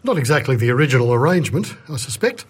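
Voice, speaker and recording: A man's voice: medium pitch, fast. A man hosting a radio music show, casually introducing songs and thinking aloud as he goes. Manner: relaxed, thinks aloud, unsure asides. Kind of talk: casual back-announcing between songs.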